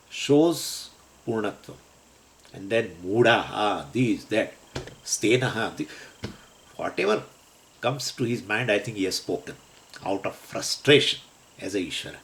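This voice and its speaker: A man's voice: on the low side, expressive, unhurried, pauses often, fairly bright tone, slight background noise. Chuckling man teaching scripture. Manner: chuckles often while explaining; weaves Sanskrit terms into English explanation. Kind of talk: scripture class lecture.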